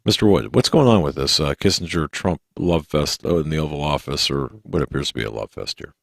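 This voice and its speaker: A man's voice: rumbling low, expressive, a little fast, creaky, no echo, clean studio sound. A man hosting a talk radio show, folksy and rambling as he sets up a guest. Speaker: radio host.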